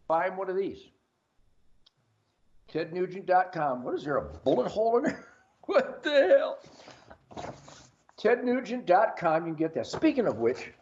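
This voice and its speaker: A man's voice: a little high, husky, highs cut off. An older man hosting a show, talking in a brash, boisterous rambling monologue. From Detroit area. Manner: boisterous, brash, self-promoting. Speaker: host. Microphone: earpiece.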